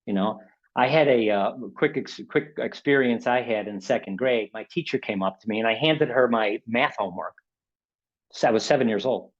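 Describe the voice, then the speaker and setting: A man gives a motivational webinar talk at an everyday pitch, chatty and direct, often checking in with his listeners. He acts out inner voices by raising his tone. The audio is slightly dull and lo-fi, as over a video call. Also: moderate pace. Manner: conversational, keeps checking in with "okay?" and "right?". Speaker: webinar presenter.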